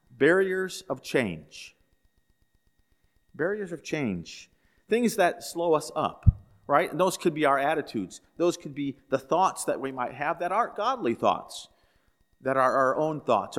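A man's voice: on the high side, a bit bright. A man pastor giving a sermon in a conversational storytelling way, asking the listeners questions. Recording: echoey hall.

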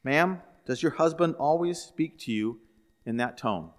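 A man's voice: on the high side, lively intonation, unhurried. A man voicing a police officer in a joke, speaking formally and sternly. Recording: echoey hall.

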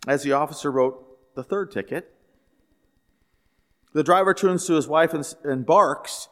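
A man's voice: fairly high pitch, measured pace, pauses often. A man pastor giving a sermon in a conversational storytelling way, asking the listeners questions. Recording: echoey hall.

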